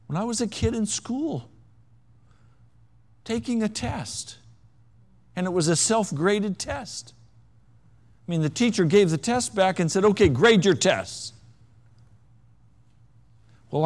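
A male preacher delivers a sermon in a somewhat high voice that leaps and dips with great animation. He drops to near-whispers, then surges loud, and carries a wry, self-mocking humor. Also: expressive, a little slow, pauses often. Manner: dramatic swings between hushed and loud. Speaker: pastor.

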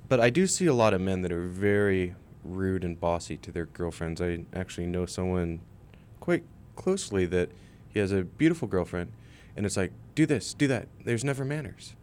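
A man's voice: low-pitched, lively intonation, normal speed, a little mellow, slight background noise. A young man co-hosting a radio show, rambling in casual chat and laughing often.

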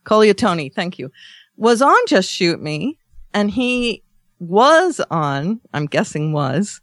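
A woman's voice: medium pitch, sing-song, takes it slowly, no room sound, clean studio sound. Wry female podcast co-host. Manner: wry, agreeable, often saying "that's right". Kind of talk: casual chat.

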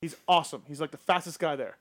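A man with a slightly high voice hosts a casual podcast, running through the latest news in a quick, chatty way. He moves fast from point to point and stops to give shout-outs. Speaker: podcast host. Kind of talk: casual chat about motocross racing.

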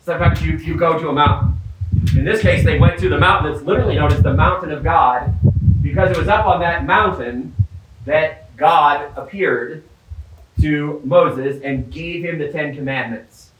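A priest from the Midwestern US gives a homily outdoors, his voice sitting a little high. He speaks conversationally, trips over repeated words and drops joking asides to his listeners. He sounds far from the mic, with heavy echo around him. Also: moderate pace, background noise. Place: outdoors in the mountains. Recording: echoey, distant outdoor sound.

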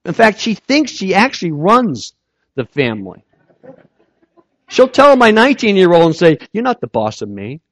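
A man's voice: high-pitched, wildly swooping pitch, normal speed, a bit bright, dry recording. A man preaching a sermon as pastor, in a conversational way, repeating words as he restarts his sentences. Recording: dull dry recording.

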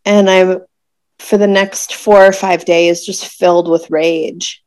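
A woman in her thirties recounts a painful personal story in an unhurried, conversational way. Her voice sits low for a woman, recorded close and dry with no room sound, and she pauses often and reaches for words. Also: fairly even intonation, a little mellow, dry recording. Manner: emotional, searching, many pauses and fillers. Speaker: guest telling a birth story.

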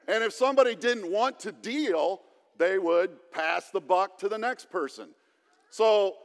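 A male pastor preaching a sermon in a plain, conversational way, with touches of humor. His voice sits high for a man, and he takes his time. The church hall around him adds a long, lingering reverb. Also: smooth.

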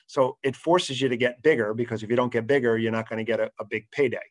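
A man who works as an accountant, speaking as an interview guest and explaining his work in a steady way, with frequent "um" fillers. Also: medium pitch, fast.

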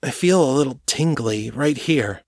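A man's voice: mid-range voice, expressive, unhurried, dry recording, studio quality, pitched above the performer's own voice. A man voicing a frightened, bewildered young man who asks shaky, anxious questions in a raised voice. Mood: dazed. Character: frightened, bewildered young man just brought back from death.

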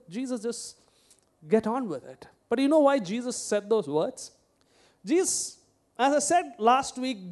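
High-voiced pastor preaching conversationally. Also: male voice, a little mellow. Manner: conversational, asks the congregation questions, tells personal anecdotes. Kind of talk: sermon.

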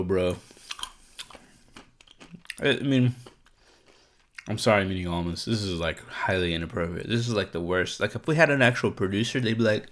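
A man's voice: on the low side, animated, moderate pace, long pauses, a bit bright. Rambling, foul-mouthed podcast man. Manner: profane, rambling, lots of "like" and "um". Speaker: podcast host. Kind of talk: casual solo podcast chat.

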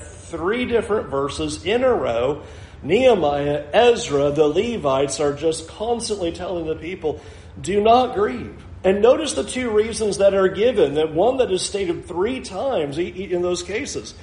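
Male pastor, high voice, explanatory with a dry wit, preaching in a roomy, echoey church. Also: animated, unhurried, darkish tone, slight background noise. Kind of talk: expository sermon. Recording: roomy echo.

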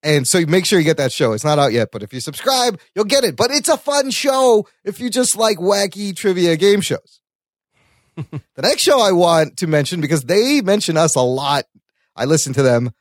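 A man co-hosts a casual podcast in a noticeably high voice. He talks in a chatty, animated way, laughing often and swearing casually. The recording is close and dry, with no room sound. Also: moderate pace, no room sound. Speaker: podcast co-host.

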